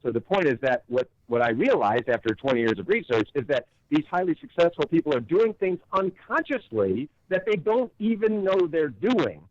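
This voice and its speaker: A man's voice: fairly high pitch, very animated, moderate pace, few pauses, no echo, highs cut off. A man as an interview guest, explaining with emphatic rhetorical questions and acted-out quotes. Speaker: guest author and coach.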